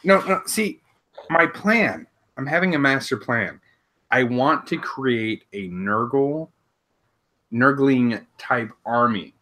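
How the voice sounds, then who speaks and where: A man's voice: mid-range voice, animated, slow, pushed and bright. A man co-hosting a casual live chat, playful and sarcastic, chuckling as he talks. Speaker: podcast co-host.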